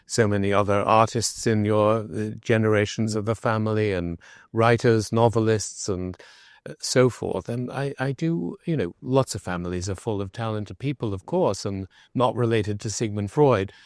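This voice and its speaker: Low-voiced admiring male interviewer. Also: moderate pace, no echo, studio quality. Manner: effusive, admiring questions.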